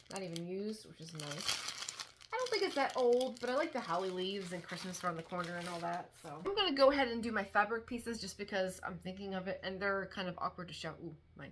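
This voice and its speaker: A woman's voice: medium pitch, fairly bright tone, a little hiss or hum. A woman chatting casually at home as a vlogger, rambling with many restarts and fillers while showing thrift finds. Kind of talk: casual chat. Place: home dining room.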